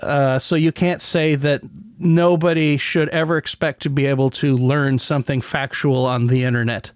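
Male podcast host, sardonic and rambling, smooth resonant tone. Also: medium pitch, fairly even intonation, normal speed, no room sound, clean studio sound. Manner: rambling, many restarts, sardonic. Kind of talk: casual solo commentary.

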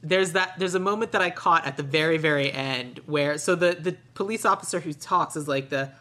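A woman chatting casually on a podcast, telling stories with quick asides. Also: low voice, pushed and bright. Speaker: podcast guest, screenwriter. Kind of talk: casual chat about a cartoon episode.

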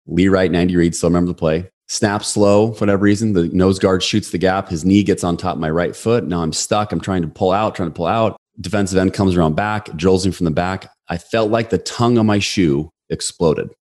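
A man in his forties tells a story as a podcast guest. His voice sits low and he rattles along quickly. He acts out the quotes with animated energy. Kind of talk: storytelling in a casual interview.

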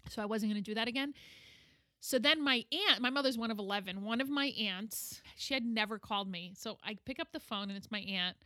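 A middle-aged woman telling a candid personal story as an interview guest, animated and acting out what others said. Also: on the high side, fairly quick. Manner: animated, acts out quoted voices.

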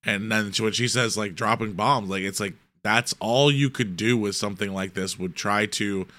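Man, podcast co-host, rambling theory talk, bright tense voice, dry close sound. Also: on the low side, normal speed, no room sound. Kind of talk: casual recap chat.

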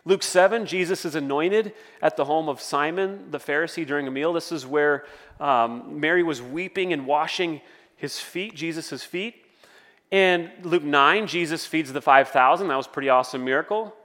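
A man's voice: a little high, moderate pace, a bit bright, long reverb tail. A man preaching a sermon as pastor, conversational, with storytelling asides.

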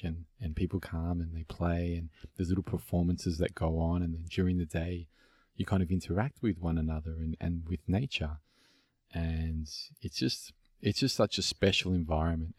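A man from Australia hosts a relaxed podcast conversation, his deep voice carrying a husky edge. He talks reflectively, circling back with fillers and restarts. The sound is dry and close. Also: no echo. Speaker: podcast host. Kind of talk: casual conversation.

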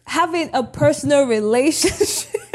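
Animated woman telling a story. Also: sits high, measured pace. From Nigeria. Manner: animated, acts out her own past lines in quotes. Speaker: pastor, podcast guest. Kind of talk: podcast interview storytelling.

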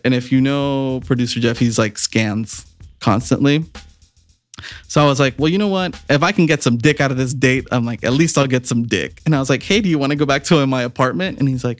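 A man co-hosts a casual podcast and tells his stories with lively swings of pitch, plenty of swearing and frequent laughter. His delivery is chatty and animated, and faint music sits behind him. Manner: animated, profane, laughing storyteller. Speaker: podcast co-host. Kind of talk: casual chat, storytelling.

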